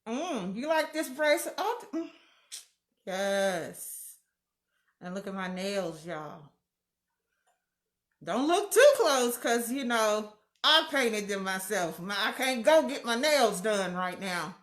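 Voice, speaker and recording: A woman's voice: medium pitch, very animated, slow pace, long pauses, fairly bright tone. A woman hosting a casual live stream from home, greeting viewers by name and laughing often. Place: room at home. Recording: echoey room.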